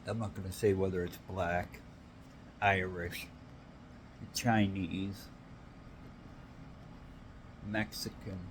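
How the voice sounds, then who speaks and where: A man's voice: sits low, level tone, slow pace, long pauses, slight background noise, poor audio. A man in a rambling, profane solo rant who repeats himself for emphasis.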